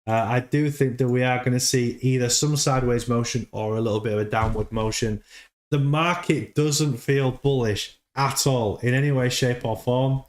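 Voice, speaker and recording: A man's voice: mid-range voice, fairly even intonation, normal speed. Rambling man hosting a stream. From United Kingdom. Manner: rambling, repeats words, laughs often. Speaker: livestream host. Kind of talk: casual livestream chat.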